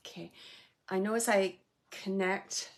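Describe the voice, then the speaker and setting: A woman's voice: medium pitch, fairly even intonation, a little slow. A middle-aged woman giving a live mediumship reading, chatting casually and relaying messages. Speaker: psychic medium.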